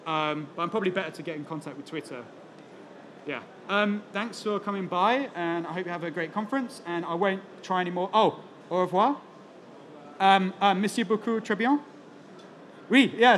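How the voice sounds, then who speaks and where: A man's voice: high voice, fairly quick, a bit bright, a little hiss or hum. A man presenting on stage at a conference as a product evangelist, chatty and joking, with lots of fillers. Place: conference talk in front of an audience.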